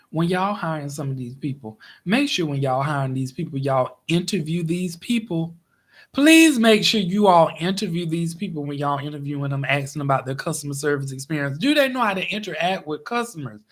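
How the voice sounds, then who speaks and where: Man animatedly telling a story. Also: normal speed. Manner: animated, exasperated retelling with big pitch swings. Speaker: vlogger. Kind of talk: casual storytelling.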